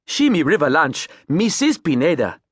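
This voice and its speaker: A man voicing a tall, wiry male river boat captain with a Creole accent, speaking loudly in clipped, emphatic phrases. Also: a little high, big pitch swings, moderate pace, husky, no room sound, studio quality, pitched above the performer's own voice. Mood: boisterous.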